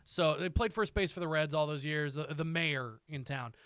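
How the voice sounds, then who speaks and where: A man's voice: on the high side, normal speed, clean tone, no echo. A man in his thirties, a comedian guest on a podcast, telling stories animatedly with lots of swearing and acted-out voices. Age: 30s. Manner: animated storyteller, profane, acts out quoted voices. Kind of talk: casual podcast chat.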